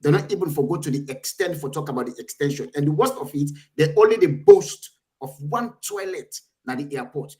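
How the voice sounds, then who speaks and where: Man, Sierra Leonean Krio accent, slightly high voice, political talk show host, rambling questions. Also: big pitch swings, brisk, few pauses, a little mellow.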